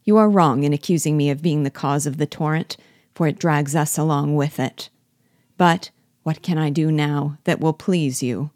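A woman's voice: deep voice, moderate pace, a little mellow, no echo, clean studio sound, lightly acted. A woman voicing a scheming, sardonic male rebel chief with a sly, falsely frank manner in an audiobook reading.

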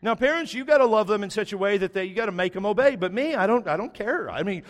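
A man's voice: high-pitched, expressive, fast talker. Emphatic male pastor preaching in a hall. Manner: emphatic, conversational preaching with scripture readings. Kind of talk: sermon.

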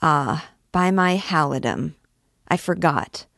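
A woman's voice: low voice, creaky, fairly bright tone, no room sound, studio quality, exaggerated voice. A woman voicing a brash, hot-tempered young army captain in a read-aloud novel. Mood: glib. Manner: swaggering and quick to anger.

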